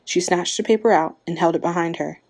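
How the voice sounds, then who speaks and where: Woman, story narration, reads aloud, low voice, lightly voices the characters. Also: a little fast, a little mellow. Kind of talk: storybook reading.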